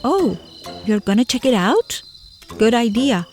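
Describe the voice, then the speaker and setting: A young woman with a fairly high, unhurried voice plays a friendly, curious cartoon guide, animated and coaxing a child along while speaking directly to the viewer. Clear music plays underneath.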